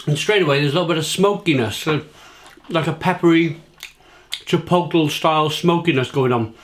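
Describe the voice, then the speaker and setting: A British man in his thirties, a food reviewer, chats casually to the camera while eating, repeating himself along the way. His voice is fairly high and he speaks at a normal speed.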